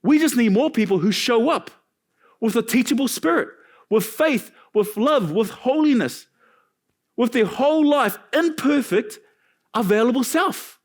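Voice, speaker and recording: A male pastor preaching a sermon in a church, animated and joking between points. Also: very high-pitched. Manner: animated preaching with jokes and asides.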